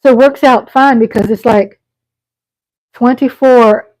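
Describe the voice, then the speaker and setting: A middle-aged woman hosting a live stream, chatting casually in a rambling way with frequent pauses and restarts. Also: fairly high pitch, a little mellow, poor audio.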